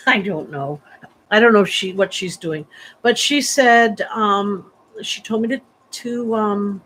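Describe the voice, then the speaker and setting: A woman's voice: mid-range voice, slow, fairly bright tone, a little hiss or hum, rough recording. Chatty, rambling woman medium. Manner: rambling, chatty, many fillers and restarts. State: sleepy, yawning. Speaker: psychic medium. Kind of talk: livestream reading.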